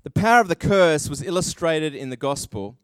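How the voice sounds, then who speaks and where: A man preaching a sermon, animated and acting out quoted voices with self-deprecating asides. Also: a little high, a little fast, smooth, dry recording. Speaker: pastor.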